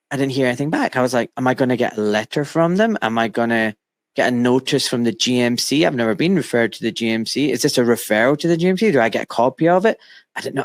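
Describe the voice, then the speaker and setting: A middle-aged man hosting an interview from his home studio, telling stories emphatically and acting out quotes. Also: a little high. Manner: animated, emphatic storytelling with acted-out quotes. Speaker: host. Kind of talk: casual interview chat.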